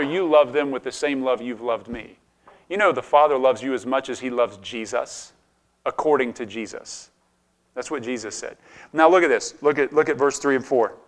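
His voice runs a little high as this middle-aged pastor gives a sermon. He keeps it conversational, putting questions to the congregation and often starting his sentences over.

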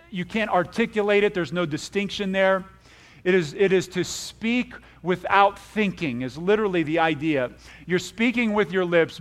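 Preacher guy, pretty high voice, folksy lively sermon w/ lots of amens. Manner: folksy, animated preaching with frequent amens and laughs. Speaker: pastor.

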